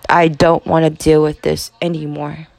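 A young woman in her twenties hosts a podcast, telling a personal story in a halting, profane confessional monologue. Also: low voice, level tone, gravelly, darkish tone. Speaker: podcast host.

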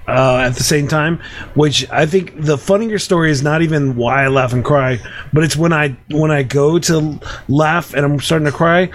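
A man's voice: fairly high pitch, normal speed, slight background noise. A man in his thirties hosting a casual podcast chat, telling stories with lots of restarts and fillers. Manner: rambling, frequent restarts and fillers. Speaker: podcast host.

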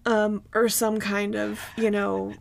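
A woman's voice: medium pitch, completely flat delivery, slow pace, creaky. A woman co-hosting a podcast, telling a story in casual chat, rambling with frequent ums and restarts. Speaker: podcast co-host.

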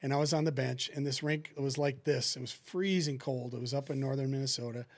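A middle-aged man, a former hockey goalie, telling lively stories in a casual chat and acting out what people said. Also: medium pitch, a little fast. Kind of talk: casual storytelling in a podcast chat.

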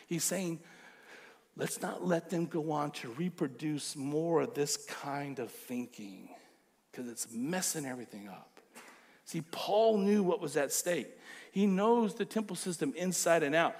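A man preaching a sermon as pastor, animated and emphatic. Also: fairly high pitch, unhurried.

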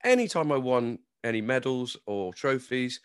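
A man's voice: medium pitch, lively intonation, moderate pace, clean tone, no room sound, studio quality. A man co-hosting a podcast, chatting casually in a jokey, sweary way. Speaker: podcast co-host.

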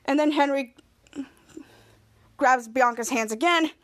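A woman podcast host giving a casual, animated recap of a TV episode and acting out the characters' quoted lines. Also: high voice, slow.

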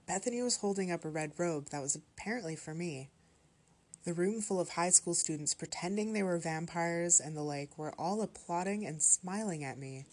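Low-voiced woman reading a horror story. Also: darkish tone, husky. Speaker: story narrator.

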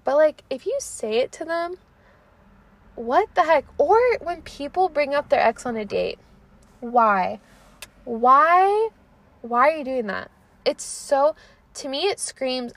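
A woman's voice: high-pitched, a little slow, no room sound. Chatty young woman podcast host. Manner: chatty, animated, lots of likes and trailing off. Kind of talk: casual chat.

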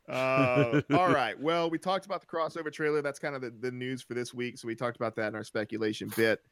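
A man from the American South hosting a casual podcast, chatty and quick to laugh. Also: mid-range voice, fairly even intonation, a bit bright, dry recording. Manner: laughs often, loose and chatty. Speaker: podcast host. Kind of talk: casual chat.

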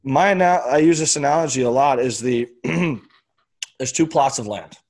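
A man in casual conversation, earnestly explaining his point through a long analogy and often clearing his throat. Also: mid-range voice, animated, moderate pace, darkish tone.

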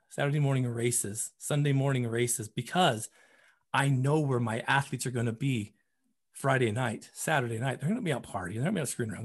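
A man, a running coach, telling stories as a podcast guest in an animated way, often repeating words as he gets excited. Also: medium pitch, breathy edge. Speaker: running coach and program founder.

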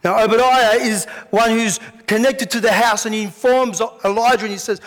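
Male pastor with a high voice who acts out his sermon stories, recorded in a big echoing hall. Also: moderate pace, hardly any pauses. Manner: animated storytelling, acts out scenes. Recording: long hall reverb.

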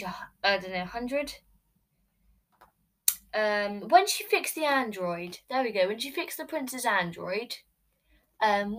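Sitting on her bed in her bedroom, a book vlogger ranks books in a casual, rambling, gushing way full of fillers. Her voice is medium-pitched and a bit bright, and the camera recording has poor audio.

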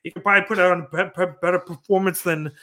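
A young man with a high, bright voice chats casually on a podcast. He stumbles and repeats his first words before getting a sentence out. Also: fairly even intonation, quick pace. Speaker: podcast co-host. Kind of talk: casual chat.

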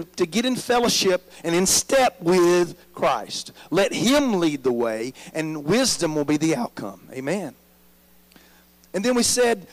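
A man's voice: high-pitched, poor audio. A man preaching a sermon as pastor, drawing the congregation in with frequent "amen?" prompts.

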